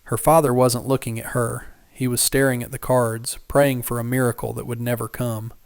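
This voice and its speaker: Male storyteller, scripted narration, measured and dramatic, mid pitch, dry studio sound. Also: flat delivery, gravelly, smooth, no room sound.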